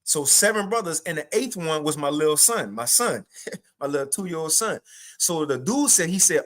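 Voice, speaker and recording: A young man giving a livestreamed spiritual testimony, telling the story in an animated, repetitive way with casual slang. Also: on the high side, fairly quick. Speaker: spiritual teacher sharing a testimony.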